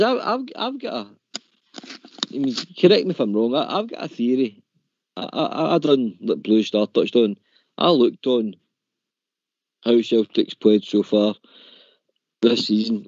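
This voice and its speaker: A man's voice: on the low side, a little mellow, no room sound, muffled recording. A man hosting a casual football phone-in show, talking tactics in an opinionated way and stumbling over his words. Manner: opinionated, repeats words, says "mate" and "in my opinion". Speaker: phone-in host.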